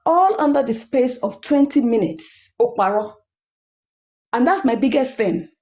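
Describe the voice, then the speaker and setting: A woman's voice: fairly high pitch, expressive, unhurried, darkish tone. A woman hosting a live stream, giving heated, emphatic commentary mixed with Yoruba. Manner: indignant, emphatic, apologetic to viewers.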